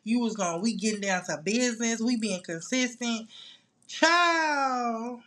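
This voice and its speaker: A young woman hosting her own podcast in a casual solo chat, playful, animated and full of slang. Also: a little high, fairly quick. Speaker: podcast host.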